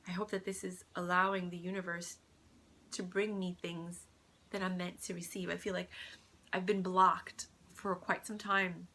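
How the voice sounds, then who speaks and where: A woman talking softly and earnestly in a personal spiritual vlog at home, sometimes dropping to a whisper. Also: on the low side, flat delivery, normal speed, a little hiss or hum. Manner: soft, earnest, drifts into whispers. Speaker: vlogger.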